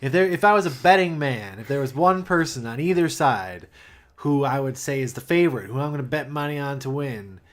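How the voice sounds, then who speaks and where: A man co-hosting a casual political podcast, dry and sarcastic in a relaxed way. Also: mid-range voice, fairly quick. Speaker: podcast co-host.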